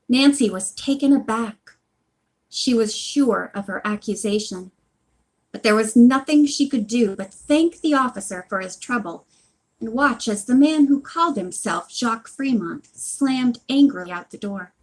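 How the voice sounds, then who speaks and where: A woman's voice: a little high, animated, normal speed. A woman at home reading a mystery novel aloud, breaking off for chatty, apologetic asides. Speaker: reader of a book series.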